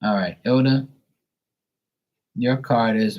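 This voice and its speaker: Husky, low-voiced tarot reader. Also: male voice, steady tone. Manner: affectionate, encouraging, reads card text slowly. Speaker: live tarot card reader, stream host. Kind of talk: casual live-stream reading. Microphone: phone.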